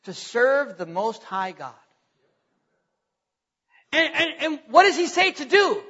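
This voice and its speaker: High, bright-voiced man preaching in a hall. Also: sing-song, slow pace, long pauses. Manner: emphatic preaching with rising rhetorical questions. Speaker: pastor. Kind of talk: sermon. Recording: long hall reverb, dull lo-fi sound.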